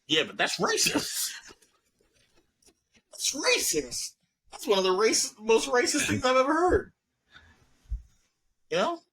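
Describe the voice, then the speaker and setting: Husky, lively-voiced male podcast co-host. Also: very high-pitched, normal speed, pauses often, rough recording. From New York. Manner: loud animated storytelling, lots of laughing. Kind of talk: casual chat.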